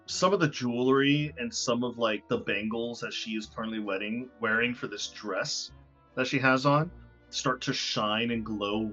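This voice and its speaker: A man's voice: mid-range voice, a bit bright. A man running a tabletop game as game master, narrating casually with lots of fillers. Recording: dull lo-fi recording with faint music.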